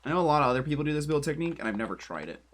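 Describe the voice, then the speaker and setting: A man's voice: fairly high pitch, big pitch swings, very fast. Rambling, chatty male streamer. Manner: rambling, chatty, self-deprecating. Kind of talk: casual commentary while building in a game. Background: keyboard typing and clicks.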